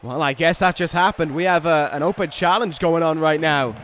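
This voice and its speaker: Man, high-pitched, video game play-by-play, excitable, sarcastic, casual swearing. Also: fairly quick, slight background noise. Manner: excitable, swings from dry sarcasm to stunned shouting. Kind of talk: play-by-play commentary over a wrestling video game.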